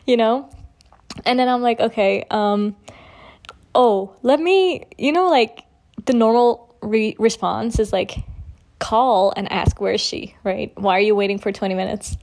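A young woman with a fairly high voice tells a personal story as a podcast host. She talks in a loose, chatty way, full of asides. When she quotes herself or someone else, she acts the line out in a lifted, animated voice. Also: measured pace. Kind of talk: casual storytelling monologue.

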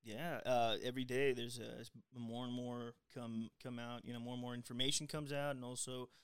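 A man from South Texas hosting a podcast in casual chat, relaxed and rambling after a booming announcer-style opening. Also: moderate pace, clear, resonant tone. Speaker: podcast host.

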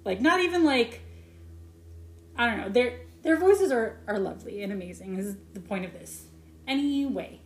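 A woman's voice: a little high, expressive, roomy sound. Profane, rambling woman recapping a movie. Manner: profane, tangent-prone, rapid retelling with mock voices. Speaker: podcast co-host. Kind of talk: casual movie recap chat.

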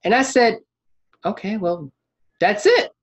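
A man telling a story in a casual chat, animated and acting out what people said. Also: high-pitched, slow, breathy edge. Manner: animated storyteller, acts out quotes, laughs while telling. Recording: dull lo-fi sound.

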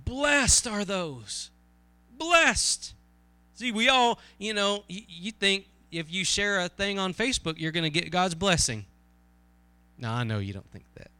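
A man preaching with a high, bright, clear voice that sounds close and dry. He talks earnestly and conversationally, asks his listeners questions, and slows down to read scripture with weight. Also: dry recording. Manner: reads scripture slowly and emphatically. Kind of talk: sermon.

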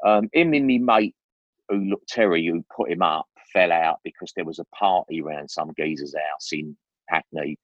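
Older bloke, very low voice, rambling anecdotes, slangy, dry lo-fi sound. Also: male voice, moderate pace, no echo. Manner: chatty, with many restarts and slang. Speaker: guest. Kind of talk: rambling casual storytelling. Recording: dry, dull lo-fi recording.

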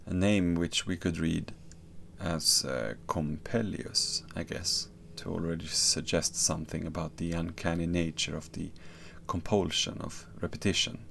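A podcast host giving analytical commentary in a thoughtful way, pausing with fillers. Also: male voice, low voice, fairly even intonation, vocal fry, fairly bright tone, a little hiss or hum.

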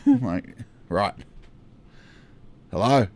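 Man, podcast co-host, casual storytelling, animated, acts out voices, laughs along. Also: mid-range voice, normal speed.

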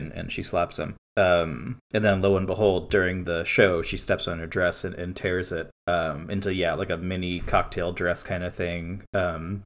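Low voiced guy rambling thru a show recap on a podcast, lots of um and like. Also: flat delivery, moderate pace, few pauses. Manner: rambling, filler-heavy recaps. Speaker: podcast co-host. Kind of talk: casual chat.

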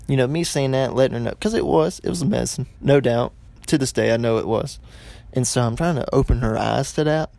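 A man's voice: mid-range voice, a little fast, vocal fry, darkish tone, dry recording. A young man telling a funny story in a rambling way, with lots of fillers and restarts. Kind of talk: casual comedic storytelling.

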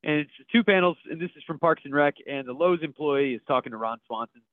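Male podcast host describing memes, a touch high, over a thin phone-like line. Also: fast talker, no echo. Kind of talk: casual podcast banter.

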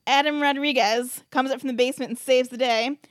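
A woman's voice: sits high, steady tone, a little fast, no echo, studio quality. A woman host casually recapping a movie plot, telling it as a chatty story full of "like" and freely swearing. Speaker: podcast host.

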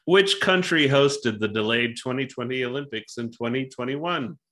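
Man, 30s, casual podcast host, bright voice, jokey, swears. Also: mid-range voice, normal speed. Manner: joking, offhand, swears freely. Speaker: podcast co-host running a trivia game. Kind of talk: casual chat.

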